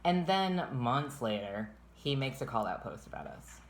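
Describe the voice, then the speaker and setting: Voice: medium pitch, sing-song, a little slow, a little hiss or hum. A vlogger telling a long personal story in casual storytime chat, rambling, swearing and restarting sentences often.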